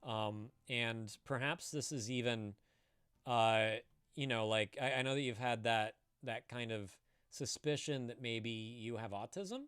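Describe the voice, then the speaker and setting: A man's voice: medium pitch, a little slow, fairly bright tone, clean tone, no room sound, clean studio sound. A man chatting casually on a live stream, rambling, laughing and swearing as he answers viewers.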